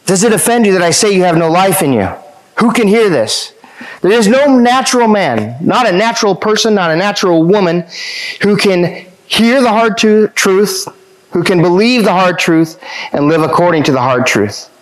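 A man's voice: high voice, lively intonation, moderate pace, low-quality recording. A man preaching a sermon, pressing his points with rhetorical questions and repeated phrases. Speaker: pastor.

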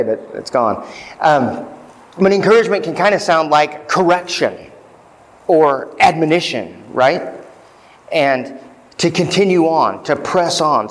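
Male pastor, conversational sermon, slightly high voice, long church reverb. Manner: conversational preaching with fillers and asides; reads scripture aloud with rising emphasis. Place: church sanctuary.

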